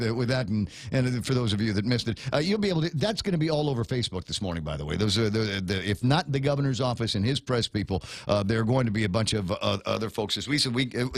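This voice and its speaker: A man's voice: mid-range voice, lively intonation, fast talker, few pauses, dry recording. A middle-aged man from Guam hosting a casual morning radio talk show, rambling with many restarts and playful asides.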